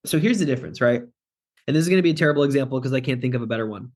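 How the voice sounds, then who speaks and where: A man's voice: mid-range voice, expressive, rapid-fire. A man, a sales closing expert, chatting on a podcast in a direct, joking way and acting out phone calls. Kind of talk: casual podcast chat.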